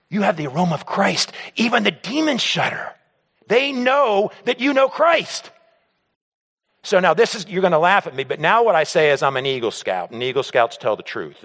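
A man's voice: sits high, big-room sound. A man preaching to a men's group, telling stories and acting out other people's voices. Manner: animated, acts out the voices of others in his stories. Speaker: pastor speaking to a men's group. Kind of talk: sermon with personal storytelling.

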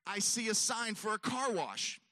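A man's voice: high-pitched, lively intonation, moderate pace, bright, forceful tone, no echo. A man telling a long self-mocking story on stage, acting out his own voice and others' as he goes. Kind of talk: stand-up storytelling.

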